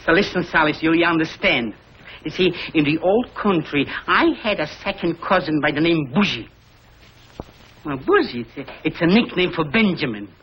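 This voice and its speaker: An actor playing a kindly, excitable older family man with an animated, chuckling delivery. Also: on the high side, normal speed, close to an everyday voice. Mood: excited. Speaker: family father and uncle. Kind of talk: 1950s TV sitcom acting. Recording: dull lo-fi 1950s TV audio with faint hiss.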